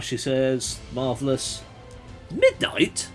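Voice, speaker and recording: A man runs a gamebook session live, reading choices aloud and chatting with his audience. His pitch swings freely, and he laughs often. He thinks aloud in a loose, friendly way. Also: very animated, slow, soft background music. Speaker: game master and livestream host.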